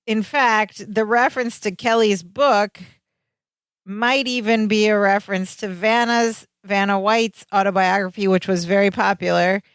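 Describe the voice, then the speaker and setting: A woman co-hosting a podcast, retelling a sitcom episode in casual chat and jumping into higher voices for the quotes. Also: fairly even intonation, measured pace, smooth, no echo, clean studio sound. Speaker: podcast co-host.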